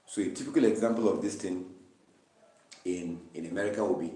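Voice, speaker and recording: A man's voice: low voice, brisk, mellow. A man leading a Bible study, reading verses aloud and explaining them with repeated, emphatic phrases. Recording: roomy, distant mic.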